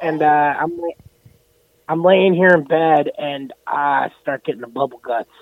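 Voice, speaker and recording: A man's voice: fairly high pitch, steady tone, measured pace, gravelly, dry recording, phone-quality sound. A man co-hosting a podcast from his bed, telling a crude story full of swearing. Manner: profane, mock-outraged. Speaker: podcast co-host. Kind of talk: casual crude chat. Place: in bed, remote from studio.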